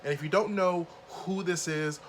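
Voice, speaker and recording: A man's voice: a little high, moderate pace, slight background noise. A man hosting a casual commentary vlog, talking bluntly and openly indignant. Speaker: commentary YouTuber, host.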